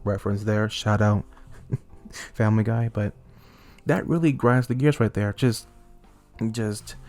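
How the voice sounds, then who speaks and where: A young man talking into a close mic as a YouTuber, ranting heatedly and swinging between angry outbursts and calmer stretches. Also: medium pitch, no echo. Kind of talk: ranting commentary.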